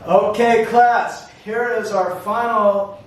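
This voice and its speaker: A man leads a classroom English lesson with very slow, deliberate repeat-after-me drills. His voice sits fairly high. The recording is echoey and sounds distant from the mic. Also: fairly even intonation. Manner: slow, deliberate, drawn-out modeling of words. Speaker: English teacher.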